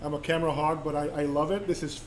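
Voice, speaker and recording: A man's voice: fairly high pitch, steady tone, fast. A man chatting as a guest author on a cooking show, enthusiastic, often stumbling and repeating words. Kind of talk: casual chat. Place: kitchen studio. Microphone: condenser mic. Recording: echoey room, faint background noise.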